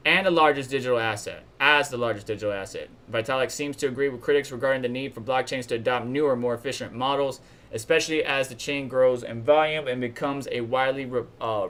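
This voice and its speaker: A man's voice: medium pitch, fairly bright tone. A man hosting a live stream, giving casual news commentary in a chatty, blunt way and complaining openly.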